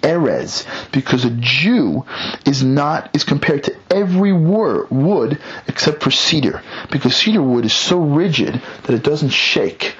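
Man voicing a smug gloating villain, deeper. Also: lively intonation, a little slow, fairly bright tone, lo-fi sound. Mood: gleeful. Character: scheming boastful male villain, gleeful and arrogant.

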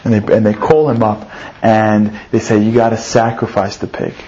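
Animated male storyteller, lo-fi recording. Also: moderate pace, slight background noise. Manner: animated, voice climbs high on emphatic points; repeats words while building a story. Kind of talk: storytelling lesson. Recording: dull lo-fi recording.

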